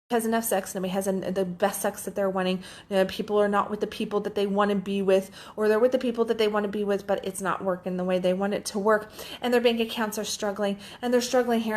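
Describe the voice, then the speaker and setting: Chatty, candid woman life coach. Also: mid-range voice. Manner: chatty and candid, swears freely; animated storyteller, quotes others in lively voices. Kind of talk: casual solo podcast talk.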